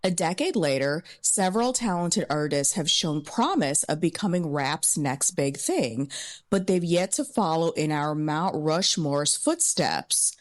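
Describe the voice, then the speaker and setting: A woman with a low voice gives measured, analytical commentary. She sounds stuffed up from a cold. She is recording outdoors by a pool. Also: expressive. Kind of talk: commentary video.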